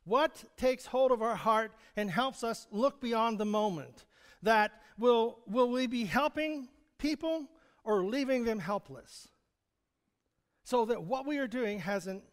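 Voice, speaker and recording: A man delivers a sermon in an easy, conversational manner, often chuckling and asking his congregation direct questions. His voice sits high for a man. A long reverb from the church sanctuary trails after his words. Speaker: pastor.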